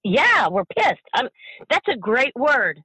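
A middle-aged bereaved mother, a guest in an emotional interview, speaking passionately and haltingly, repeating herself, at times near tears. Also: sits high, big pitch swings, sharp tone, slightly rough, no room sound, low-quality recording.

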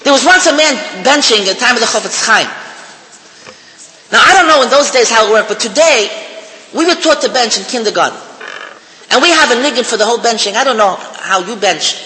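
An older man giving a humorous sermon to a live audience, animated and joking, repeating his phrases and chanting prayers. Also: very high voice, fairly quick. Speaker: speaker giving a talk. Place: hall. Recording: echoey hall with faint noise.

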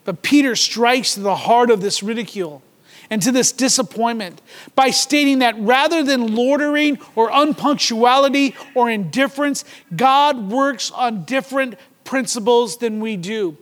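Male pastor, very high voice, dramatic sermon delivery, echoing church hall. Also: moderate pace, a bit bright. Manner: dramatic scripture reading with mocking voices.

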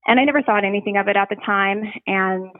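A woman giving a personal testimony as a podcast guest, speaking earnestly and reflectively, with frequent pauses and restarts. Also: mid-range voice, dry recording. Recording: tinny phone line, dry.

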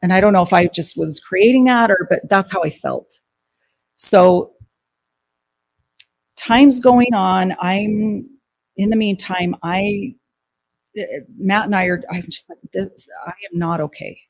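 A woman telling a personal story as an interview guest, acting out what people said in lively quoted dialogue. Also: medium pitch, slow pace, pauses often.

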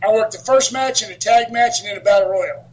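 High-voiced male guest, animated storyteller, salty language, laughs a lot. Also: brisk, rough recording. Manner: animated storyteller, laughs often, swears freely. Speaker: wrestler and author, guest. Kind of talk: casual storytelling interview.

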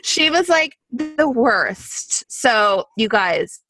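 A woman's voice: fairly high pitch, sing-song, very slow, sharp tone, soft background music. A young woman co-hosting a podcast, telling stories in a casual chat, peppered with "like". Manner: chatty storytelling, peppered with "like". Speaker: podcast co-host.

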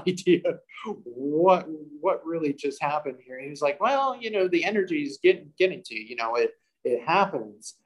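A man's voice: a little high, low-quality recording. A man telling a first-person story about a paranormal investigation, acting out the quotes and breaking into laughter.

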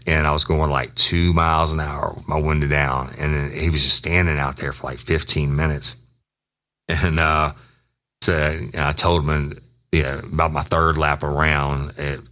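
Deep-voiced man telling a profane story. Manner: profane, animated storyteller acting out quotes. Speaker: podcast host, retired detective. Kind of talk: casual storytelling.

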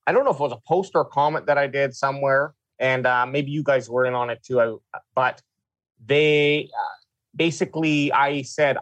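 Hesitant Canadian man, mid pitch. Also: normal speed, fairly bright tone, dry recording. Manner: hesitant, restarting. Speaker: podcast co-host. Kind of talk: casual chat.

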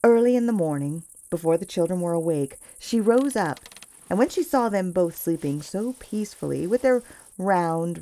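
A woman narrating a fairy tale in a measured, expressive storytelling voice. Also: lowish voice.

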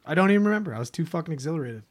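A man co-hosting a podcast, chatting in casual, excitable banter with a lot of swearing. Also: on the high side, rapid-fire. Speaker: podcast co-host.

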